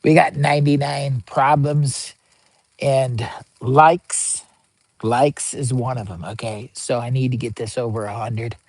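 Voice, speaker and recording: A man live streaming a product test, joking around, hyping up his viewers and bursting into excitement. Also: mid-range voice, unhurried, no echo. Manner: joking, hyped, begs for likes, bursts of excitement. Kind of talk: goofy live-stream chat. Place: outdoor campsite by a pellet stove.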